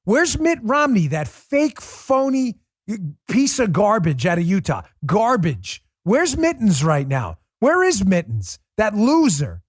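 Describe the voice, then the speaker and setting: A man's voice: high-pitched, wildly swooping pitch, slow pace, no room sound, studio quality. Combative ranting man hosting a political show. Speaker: political talk show host. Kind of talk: heated political commentary monologue.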